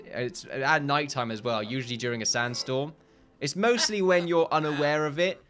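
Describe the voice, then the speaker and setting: A man's voice: mid-range voice, normal speed, fairly bright tone. A man hosting a let's play video, rambling and joking and often laughing at himself as he talks. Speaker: gaming video host.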